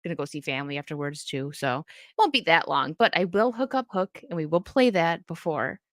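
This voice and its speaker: A woman's voice: deep voice, expressive, fairly quick, no echo, clean studio sound. A woman hosting a casual livestream, chatting with viewers, reading their messages aloud and laughing often as she talks. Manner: chatty and upbeat, laughs often, frequent restarts. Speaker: livestream host reading chat. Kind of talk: casual chat.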